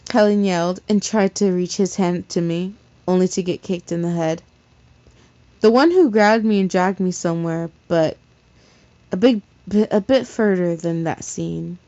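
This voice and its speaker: Reading fan fiction aloud in a casual manner, this woman trips over words and fixes her mistakes as she goes. She speaks on the low side with a dark tone and a measured pace. There's no echo, though the lo-fi recording is slightly dull.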